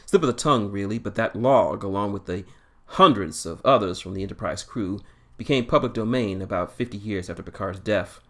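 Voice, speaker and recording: A man as a calm, probing starship captain. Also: lowish voice.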